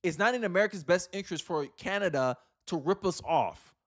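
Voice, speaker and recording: A man's voice: sits high, animated, fairly quick. A man hosting a livestream, giving emphatic, opinionated political commentary and repeating phrases for effect. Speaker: livestream host.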